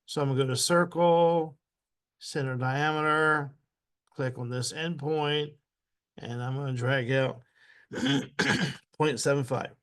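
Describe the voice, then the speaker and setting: A man teaching a step-by-step software tutorial. He repeats each step aloud patiently and keeps clearing his throat. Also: mid-range voice, steady tone, slow pace, pauses often. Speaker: instructor.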